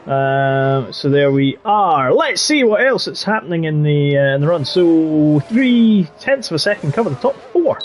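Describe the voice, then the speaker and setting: A man's voice: on the high side, sing-song, normal speed, hardly any pauses, a little hiss or hum. A man with a Yorkshire accent commentating a racing game live, chatty and jokey. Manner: chatty and jokey, drifting into banter. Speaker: league race commentator.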